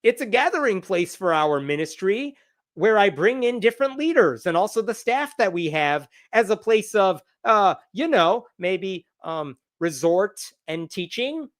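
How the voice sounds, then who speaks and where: Man voicing a cagey preacher, offhand answers, fairly high voice. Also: big pitch swings, a little slow, dry recording, clean studio sound. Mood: evasive. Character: defensive male preacher evading questions.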